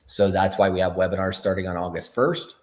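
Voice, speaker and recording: This co-host of a crypto livestream has a low, flat, slightly mellow voice and talks a bit fast. His casual chat is loose, full of filler words and swearing.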